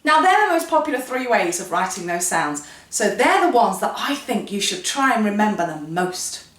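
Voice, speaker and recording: A woman of medium pitch speaks at a moderate pace, spinning letter sounds into short stories for children in a playful, animated phonics class. The room echoes and she's positioned well away from the mic.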